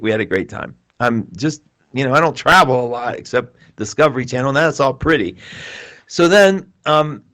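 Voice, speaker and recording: A male host telling a rambling travel story to his viewers, animated and self-mocking, tossing in quick asides. His voice sits at a middle pitch and is picked up on a close studio mic. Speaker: astrologer and show host. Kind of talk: casual storytelling to a live audience.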